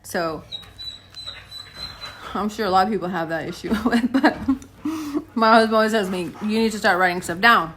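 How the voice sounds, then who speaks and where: A woman in her late thirties talks casually to her viewers from home, with a bright, forward voice that sits in a middle pitch. She tells her stories in a chatty way and acts out both sides of arguments. There is a faint hiss of background noise behind her. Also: moderate pace, long pauses. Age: late 30s. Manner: chatty storytelling, addresses viewers as guys, acts out quotes. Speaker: vlogger. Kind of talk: casual chat to camera.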